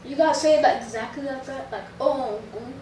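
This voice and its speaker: A woman's voice: sits high, brisk, dark tone. A woman student in a language class, repeating words back to her teacher and asking short questions. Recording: roomy sound, mic far off.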